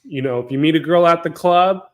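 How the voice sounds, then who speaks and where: A man's voice: fairly high pitch, brisk. Chatty man hosting a live panel. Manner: animated, cuts in often, repeats words. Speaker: panel host. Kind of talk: live-stream panel talk.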